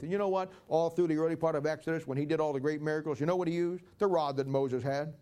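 A man's voice: a little high, fairly even intonation, fast, mellow, clean tone. A man preaching a folksy, conversational sermon and acting out Bible stories.

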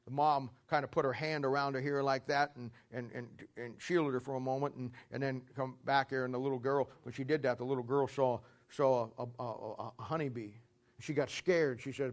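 A man preaching a sermon in a folksy storytelling way, repeating himself, clearing his throat, and swinging between loud climaxes and quiet asides. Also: mid-range voice, steady tone, brisk. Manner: builds to loud shouting climaxes, then drops quiet; repetitive, clears throat often.

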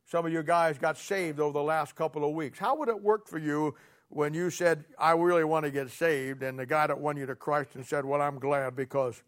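High-voiced folksy preacher. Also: male voice, a bit bright. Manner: folksy, sarcastic preaching with rhetorical questions. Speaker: pastor. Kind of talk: sermon.

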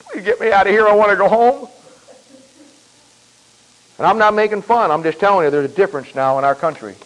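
A man preaching a sermon in a folksy, emphatic way, repeating himself and clearing his throat often. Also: high voice, rough recording.

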